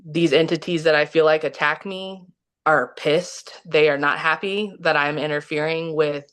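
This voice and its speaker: A low-pitched woman from Kansas City, Missouri, in the US Midwest, speaks at normal speed in a steady, fairly bright tone. As a podcast guest she tells a story casually and ramblingly, full of "like" and restarts.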